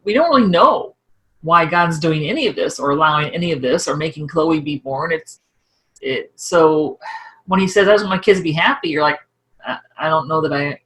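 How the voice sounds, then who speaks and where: A middle-aged woman talks through a TV episode on a podcast, her voice sitting low for a woman. She rambles in a chatty way and drifts into quick asides. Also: fairly bright tone, low-quality recording. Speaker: podcast co-host. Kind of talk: casual discussion of a TV episode.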